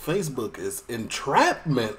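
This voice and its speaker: A man's voice: medium pitch, wildly swooping pitch, unhurried, a crowd in the background. A man from Chicago giving casual reaction commentary with joking, laughing asides. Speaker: reaction video host.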